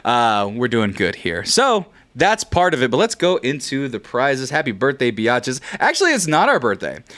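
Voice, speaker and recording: A man's voice: medium pitch, wildly swooping pitch, normal speed, a bit bright. A man in his thirties from California hosting a livestream in a joking, rambling way with playful swearing. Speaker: streamer host. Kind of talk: casual livestream chat.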